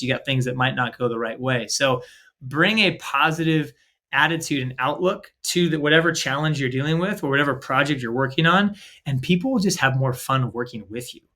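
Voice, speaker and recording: A man's voice: mid-range voice, a little fast, pushed and bright. A man co-hosting a faith-based leadership podcast, talking casually and with energy, full of 'like' and 'right?' and often acting out quoted dialogue. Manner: lots of filler 'like' and 'right?'. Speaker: podcast co-host.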